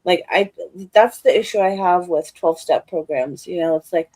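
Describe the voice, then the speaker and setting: A woman's voice: fairly low pitch, moderate pace, dark tone, dry recording, rough recording. A woman hosting a live stream, chatting casually and bluntly, swearing freely. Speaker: stream host. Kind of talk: casual chat.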